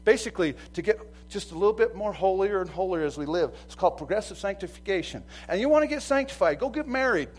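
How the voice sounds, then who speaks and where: A man preaching a sermon as pastor, animated, acting out quoted voices and swinging from loud to soft. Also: high voice, fast, few pauses, breathy edge, rough recording. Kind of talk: lively sermon.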